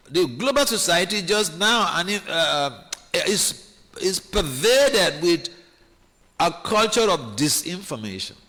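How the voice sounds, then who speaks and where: The speaker is a man leading a scripture class, preaching with a high, animated voice that dips and soars as he voices the people he quotes. The temple hall carries his bright sound into a long reverb, and his delivery is halting, full of restarted phrases.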